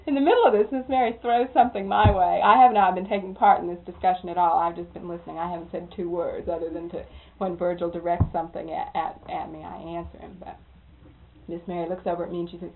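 A woman's voice: fairly low pitch, fast talker, vocal fry. Woman telling a story over a tinny line. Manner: animated, laughs often, acts out quoted people. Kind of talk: casual spoken storytelling. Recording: tinny phone-like recording.

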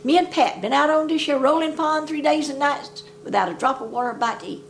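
An older woman voicing a frantic man loudly pleading in prayer on a life raft. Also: high-pitched, brisk, creaky, slight background noise, pitched above the performer's own voice. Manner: loud pleading folksy prayer.

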